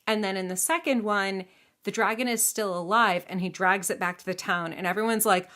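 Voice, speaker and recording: A woman's voice: mid-range voice, a little fast, sharp tone. Woman narrating a legend to a kid, playful and chatty, easy and unscripted. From United States. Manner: chatty, playful, with asides and questions. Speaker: storyteller. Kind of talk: casual storytelling to a child.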